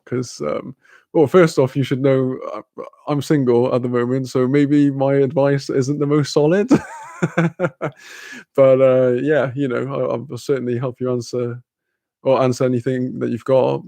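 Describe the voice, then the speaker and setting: A young man chatting casually on a live stream, laughing often and filling pauses with ums. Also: mid-range voice, level tone, creaky, mellow, dry recording.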